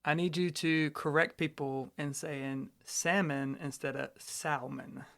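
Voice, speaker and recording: A man's voice: a little high, fairly even intonation, moderate pace, a bit bright, smooth. A man co-hosting a podcast, chatting casually with playful teasing. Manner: playful teasing, laughs often. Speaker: podcast co-host. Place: lives in Alabama.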